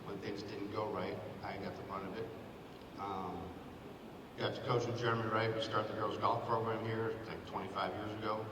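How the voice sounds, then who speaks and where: A man in his fifties gives a sentimental acceptance speech, thanking people by name at a school ceremony. His voice sits a little low and reaches the mic from a distance. The gym adds a long, roomy echo and a steady background noise. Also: normal speed. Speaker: hall of fame honoree, former athletic director. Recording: echoey gym, picked up from far off, noisy.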